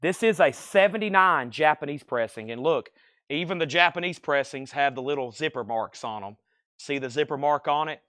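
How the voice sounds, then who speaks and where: A man's voice: a little high, moderate pace, fairly bright tone, no echo, clean studio sound. Chatty man calling out record prices. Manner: chatty, calling prices and conditions, thanking buyers by name. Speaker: record shop livestream seller. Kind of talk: live sales stream patter.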